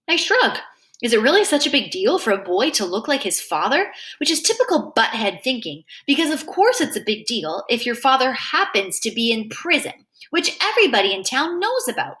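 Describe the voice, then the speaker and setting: A woman reading a novel aloud with animated first-person narration. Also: on the high side. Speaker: reader.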